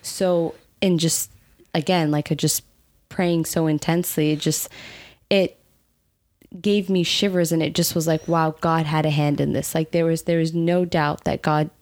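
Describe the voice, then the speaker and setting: A young woman casually telling a personal story with her husband, animated, laughing often and full of fillers. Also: low voice, a little slow. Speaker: co-host.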